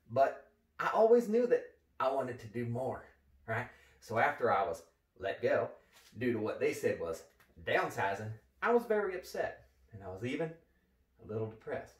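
A man's voice: medium pitch, far from the mic, lightly acted. A man playing an overeager retired gym teacher who wants to become a parkour motivational speaker, talking in a pep-talk style and repeating catchphrases. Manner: pumped-up pep-talk delivery, repeating catchphrases, frequent "all right?". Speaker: comedic character monologue. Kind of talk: comedy sketch monologue. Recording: echoey room, voice from off the mic.

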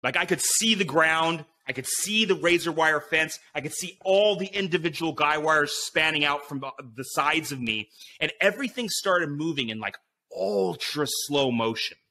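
A man guest on a podcast, telling an animated story full of swearing and fillers, acting out his own inner voice. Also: on the high side, normal speed. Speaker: podcast guest, BASE jumper.

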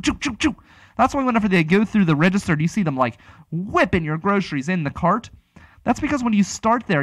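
A man's voice: fairly high pitch, fairly bright tone, dry recording. A man hosting a casual talk show, rambling and chatty, with many restarts. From Pittsburgh area. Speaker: radio talk show host.

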